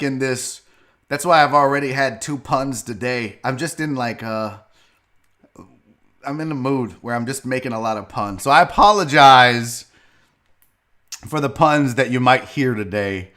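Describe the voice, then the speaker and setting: A man's voice: medium pitch, a little slow, sharp tone. A man hosting a live sports show, rambling and swearing loosely as he drinks on air. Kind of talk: loose live-stream talk.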